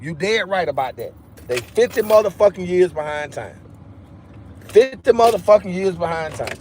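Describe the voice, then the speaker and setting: A high-pitched man vents on his livestream. He talks heatedly and profanely, circling back to the same phrases again and again. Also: sing-song, normal speed, a little mellow, a little hiss or hum. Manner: heated, repetitive, profane ranting. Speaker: livestream host. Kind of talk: angry livestream rant.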